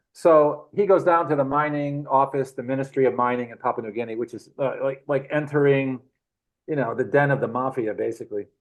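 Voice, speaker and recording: A middle-aged man, the guest, telling rambling adventure anecdotes in a casual, animated way with frequent chuckles. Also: medium pitch, a little fast, rough recording. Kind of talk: casual storytelling.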